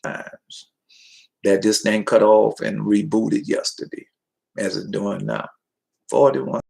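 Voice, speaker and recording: A man's voice: fairly low pitch, fairly even intonation, slow pace, vocal fry, dark tone, low-quality recording. A man preaching in a rambling, folksy way, talking straight to his listeners and reading scripture between tangents. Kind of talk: informal livestream preaching.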